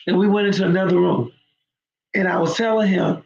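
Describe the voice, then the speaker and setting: A woman's voice: on the low side, steady tone, brisk, creaky. A woman hosting her show, telling a story to viewers in an emphatic, conversational way. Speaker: host. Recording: roomy, dull lo-fi sound.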